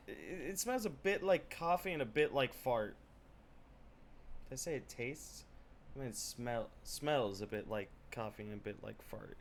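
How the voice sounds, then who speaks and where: A man's voice: medium pitch, vocal fry, slight background noise. A man talking to his dog in doting baby-talk, teasing it about its breath.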